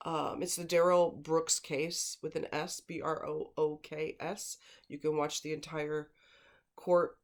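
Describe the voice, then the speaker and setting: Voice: medium pitch, level tone, unhurried. Blunt, emphatic true-crime commentator. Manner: emphatic, repeats words for stress; rambling, with digressions and fillers. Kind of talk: casual spoken commentary.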